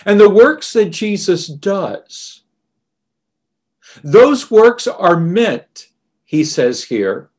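A man preaching a sermon in a deliberate, emphatic way. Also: sits high, sing-song, a little mellow.

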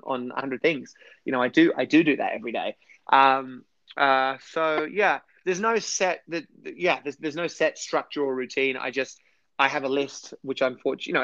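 A man's voice: mid-range voice, fairly bright tone, no room sound, muffled recording. A man talking enthusiastically as a guest in a casual interview, rambling a little with restarts. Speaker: podcast guest.

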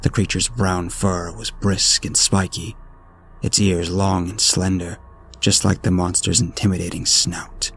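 A man narrating a horror story in a steady, ominous storytelling manner. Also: low voice, measured pace, gravelly. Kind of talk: scripted narration. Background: faint music.

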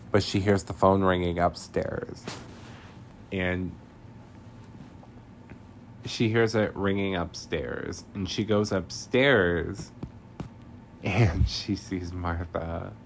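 A man's voice: low-pitched, vocal fry, slight background noise. A man hosting a podcast, recapping a film in chatty, slangy casual talk with lots of filler words. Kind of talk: casual chat.

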